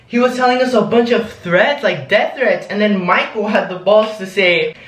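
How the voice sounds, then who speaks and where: High-voiced guy telling a story. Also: normal speed, fairly bright tone, echoey room, low-quality recording. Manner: rambling, lots of "like" and "um". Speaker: vlogger. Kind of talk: storytime vlog.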